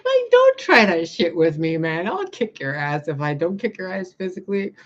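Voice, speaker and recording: A woman telling stories on her vlog in a casual, animated way, swearing freely and laughing as she talks. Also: lowish voice, normal speed. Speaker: vlogger. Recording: dull lo-fi recording.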